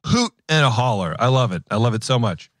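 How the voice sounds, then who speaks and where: A man in his thirties hosts a podcast, his mid-range voice brisk as he chats casually and tells stories in a rambling, animated way full of fillers and restarts. The recording is dry and studio quality.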